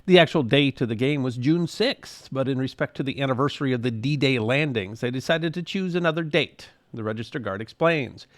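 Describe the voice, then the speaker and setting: A man hosting a history show, giving scripted narration with a wry, measured storytelling delivery. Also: mid-range voice.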